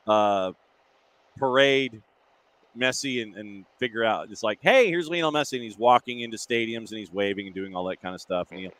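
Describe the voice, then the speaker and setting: A man's voice: lowish voice, fairly bright tone. Man hosting a sports talk show. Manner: brisk, rattles off dates and lists, reads listener comments. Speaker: podcast host. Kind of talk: casual chat and news rundown.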